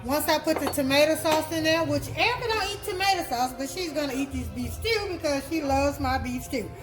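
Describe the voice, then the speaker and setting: A woman's voice: high voice, animated, fairly quick, over music, poor audio. A woman from Texas, chatting her way through a home cooking demonstration in a kitchen. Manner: chatty, homey, repeats words while explaining. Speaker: cooking vlogger.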